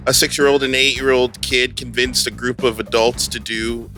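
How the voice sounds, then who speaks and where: A man's voice: mid-range voice, little pitch movement, normal speed, pushed and bright, faint music behind. A man playing in a tabletop game, chatting playfully and laughing often. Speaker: player. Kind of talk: casual chat.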